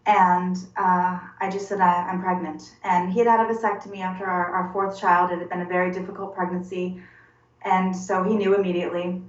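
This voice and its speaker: A woman in her forties giving a personal testimony in an interview, halting and earnest, often repeating words as she searches for them. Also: on the low side, level tone. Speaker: interview guest. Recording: roomy, distant and dull-sounding.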